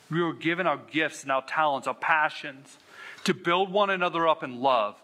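A man's voice: a little high, expressive, normal speed, bright, forceful tone. A man pastor preaching a sermon, telling a candid, self-deprecating story with earnest emphasis. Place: church sanctuary.

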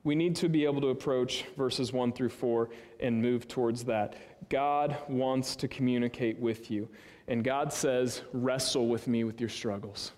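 A man preaching a sermon as pastor, conversational and earnest, swinging from raised emphasis to hushed asides. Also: medium pitch. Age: 30s. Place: church sanctuary. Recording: long hall reverb.

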